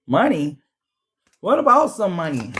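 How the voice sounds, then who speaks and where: Guy w a high voice doing a tarot reading, cussing a lot, calls everyone beloved. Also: a little slow, a little hiss or hum. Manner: profane, animated, calls viewers beloved. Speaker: tarot reader. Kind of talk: casual streetwise tarot reading.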